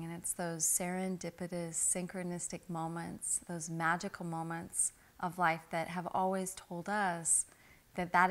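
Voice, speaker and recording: Earnest middle-aged woman, lowish voice. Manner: earnest, spiritual, animated when telling stories. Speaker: interview guest. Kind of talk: reflective personal storytelling.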